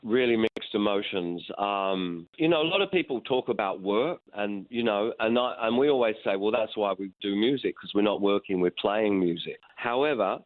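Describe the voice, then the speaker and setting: A middle-aged man talks over a thin, tinny phone connection. His voice sits low, and his storytelling is candid and meandering, with casual swearing. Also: moderate pace, few pauses. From Australia. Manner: frank, swears freely, rambling. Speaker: musician guest.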